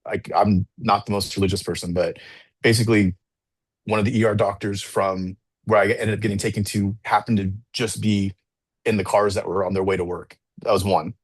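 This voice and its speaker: A low-voiced man chats as a podcast guest, a coach telling a long personal story. He rambles, restarts his sentences, fills them with "like" and acts out the voices of the people he quotes. The sound is dry and close, with no room echo. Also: little pitch movement, fairly quick, husky. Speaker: assistant track and field coach, podcast guest. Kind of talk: casual storytelling in an interview.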